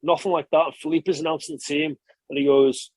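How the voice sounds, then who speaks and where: A man, a former rugby player, telling stories in a relaxed interview and chatting casually with frequent swearing and restarts. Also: on the high side, fast talker, dry recording. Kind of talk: casual conversational storytelling.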